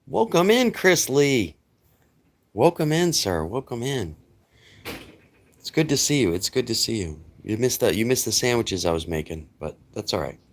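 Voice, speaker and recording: Very deep-voiced middle-aged man livestreaming. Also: animated, normal speed. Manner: rambling, talkative, greets viewers by name. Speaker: livestream host. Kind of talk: casual livestream chat.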